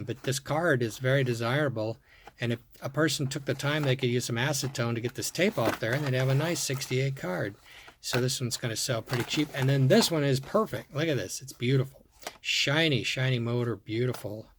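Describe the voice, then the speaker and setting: A man with a middle-pitched voice talks casually through a show-and-tell of his collection. He rambles and repeats himself while admiring each piece. A faint hiss sits under the recording. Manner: admiring, rambling, repeats words, thinks aloud. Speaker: toy car collector showing a collection.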